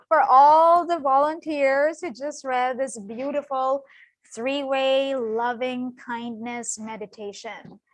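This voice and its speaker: Over a video call, a middle-aged woman gives an online guest lecture with volunteer readings, warm and encouraging, laughing often and using fillers like "you know." Her voice is high-pitched and slow, with no echo but a rough recording.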